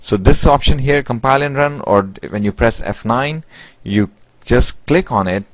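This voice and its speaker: A man's voice: medium pitch, dry recording, poor audio. A man teaching programming in a screen-recorded tutorial, explaining step by step with many fillers and restarts. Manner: halting, with many "basically" and "you know" fillers and restarts. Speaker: programming instructor.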